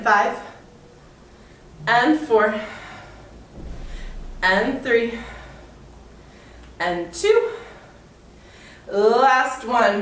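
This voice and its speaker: A woman's voice: a little high, a little hiss or hum. Female fitness instructor, winded, counts reps and calls cues, distant mic in a very echoey room. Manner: counts reps aloud, cueing moves while exercising. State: out of breath. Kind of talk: guided workout instruction.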